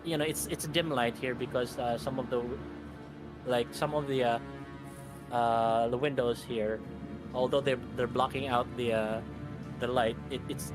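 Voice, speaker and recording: A male game master narrating a tabletop adventure, his voice pitched in the middle range. He describes each scene haltingly, with many fillers and restarts, and music plays steadily behind him. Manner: hesitant, full of fillers and restarts. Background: background music.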